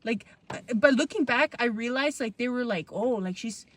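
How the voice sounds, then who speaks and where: Her voice is a little high and her pace normal as she chats on the podcast she co-hosts. In her twenties, she tells frank, foul-mouthed tales from growing up in an easygoing, loose way.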